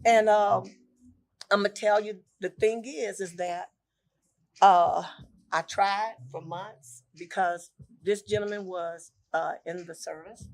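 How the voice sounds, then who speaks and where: Older woman, mid-pitched, emotional storyteller on a talk show, acts out quoted voices and repeats herself. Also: steady tone, takes it slowly, gravelly, a little mellow. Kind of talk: personal testimony on a talk show.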